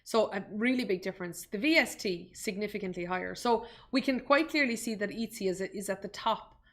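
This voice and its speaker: An Irish woman presents a live stock market webinar, sharing her screen for a tutorial. She's chatty and self-deprecating, breaking off to make asides to her viewers. Her voice is medium in pitch and brisk.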